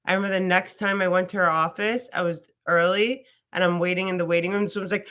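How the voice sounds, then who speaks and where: A woman's voice: lowish voice, steady tone, fast, hardly any pauses, fairly bright tone. A woman teaching a casual live yoga class, chatty and rambling, swearing freely as she talks.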